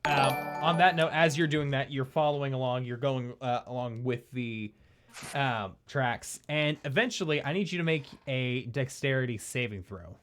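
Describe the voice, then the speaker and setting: A man's voice: mid-range voice, normal speed, fairly bright tone, soft background music. A man narrating a tabletop game as dungeon master, in a loose, hesitant way full of fillers and restarts.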